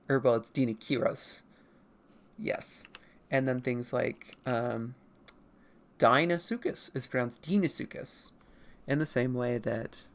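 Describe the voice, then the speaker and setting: An artist chatting casually with viewers on a livestream while drawing, playful and rambling, laughing often and swearing now and then. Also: medium pitch. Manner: rambling, self-correcting asides. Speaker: artist streamer answering chat.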